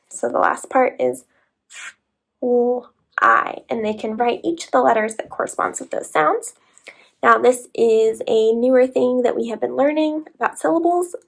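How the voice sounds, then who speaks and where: A woman's voice: a little high, creaky. A woman kindergarten teacher explaining to parents how to help children sound out words syllable by syllable. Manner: explanatory, breaking words into parts.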